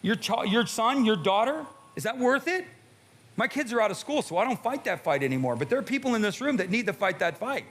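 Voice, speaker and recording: A man's voice: sits high, very animated, brisk, fairly bright tone. A middle-aged man preaching a sermon as pastor, emphatic and pressing the congregation with rhetorical questions. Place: church sanctuary with a live congregation.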